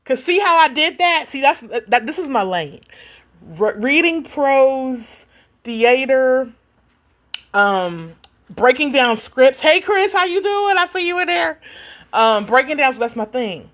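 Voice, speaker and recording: A woman and self-published author in casual livestream chat from home, animated and chatty and talking directly to her viewers. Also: sits high, slow.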